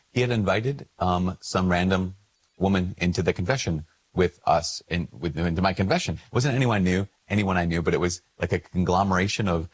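Husky low-voiced priest, earnest and conversational. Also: male voice. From Minnesota. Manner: earnest, conversational, with restarts and storytelling. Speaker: Catholic priest and podcast host. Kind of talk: spoken prayer and reflective talk.

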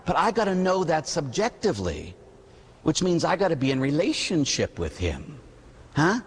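A middle-aged man, a priest, preaching a sermon with animated storytelling and mimicked voices. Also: a little high, moderate pace, breathy edge, in a large hall.

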